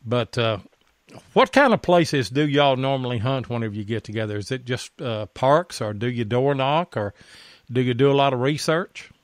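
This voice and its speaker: A man's voice: mid-range voice, expressive, moderate pace, no echo. A man, hosting a podcast and telling a folksy fishing story in casual chat. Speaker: podcast host.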